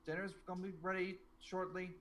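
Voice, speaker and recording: A man's voice: high-pitched, little pitch movement, fairly quick, fairly bright tone, pitched above the performer's own voice. A man voicing a doting mother who speaks in a soothing, motherly way.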